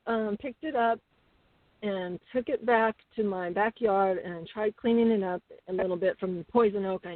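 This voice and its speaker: A middle-aged woman tells her stories with a lively, chatty flow, full of fillers and restarts. Her voice comes through thin and phone-like, with no room sound at all. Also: mid-range voice, no room sound. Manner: chatty, animated storyteller with many fillers. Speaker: guest. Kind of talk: casual interview storytelling. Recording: tinny phone-like call audio.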